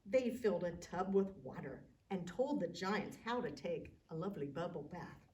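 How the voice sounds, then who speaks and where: A woman's voice: fairly low pitch, lively intonation, normal speed, recorded from a distance. Woman librarian reading to kids. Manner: gentle, chatty asides to young listeners. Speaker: children's librarian. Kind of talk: children's storytime reading.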